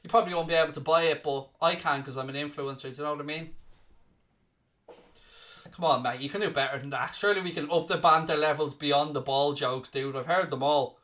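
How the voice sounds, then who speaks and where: Bright-voiced, teasing Irish man. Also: on the high side, fairly even intonation, fairly quick. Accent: Irish, from Dublin area. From Ireland. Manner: teasing, mock-scolding replies to viewer comments; rattles off scores like a presenter. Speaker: watchalong host. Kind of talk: live-stream football watchalong chat.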